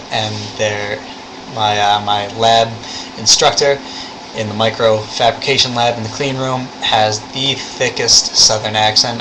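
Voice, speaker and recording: A young man talking casually in a rambling video log, swearing now and then. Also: mid-range voice. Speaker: vlogger. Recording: air conditioner hum.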